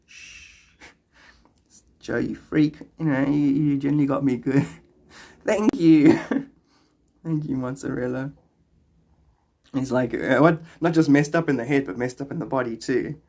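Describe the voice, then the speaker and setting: A man's voice: mid-range voice, fairly even intonation, unhurried, gravelly, long pauses, a little mellow. A man streaming from his phone, chatting casually and answering viewer questions, laughing often and rambling playfully. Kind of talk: casual livestream chat.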